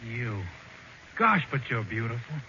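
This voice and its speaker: A man's voice: mid-range voice, sing-song, unhurried, pushed and bright, heavily acted. A young man playing an earnest, lovesick suitor in a 1940s radio comedy, pleading eagerly. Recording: muffled hissy 1940s radio broadcast.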